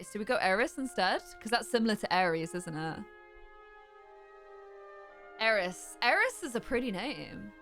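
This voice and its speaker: Young woman, casual gameplay chat, bright high pitch, rambling, excitable, faint music behind. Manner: chatty, bursts into high excited squeals. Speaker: gameplay streamer.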